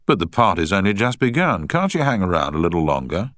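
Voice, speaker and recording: A man's voice: sits low, very animated, fast, fairly bright tone, dry recording, studio quality, pitched above the performer's own voice. A man voicing a pushy, eager young man who will not take no for an answer.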